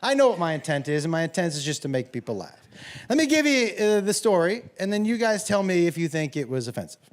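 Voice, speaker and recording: A man doing a stand-up comedy set on a club stage, telling stories loudly and profanely, with bursts of shouting. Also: sits high, big pitch swings, fast. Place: comedy club stage before a laughing audience. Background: audience laughter and room ambience.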